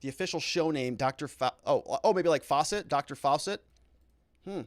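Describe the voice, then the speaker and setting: A man's voice: on the high side, moderate pace, no echo, studio quality. A man hosting a live commentary show, reading viewer comments aloud and reacting with indignant, sarcastic asides. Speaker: lawyer and show host.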